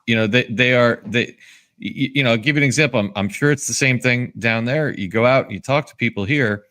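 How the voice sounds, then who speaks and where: A man's voice: mid-range voice, sharp tone. A man from the United States who hosts a talk show, speaking earnestly in casual discussion and agreeing with his guest. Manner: earnest, agreeing, quick to jump in. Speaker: show host.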